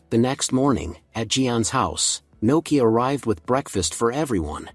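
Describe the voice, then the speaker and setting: A man with a slightly husky voice narrates a comic story recap at a steady, even pace. The sound is close and dry, with soft music playing faintly underneath. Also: mid-range voice, a little slow, hardly any pauses, no room sound.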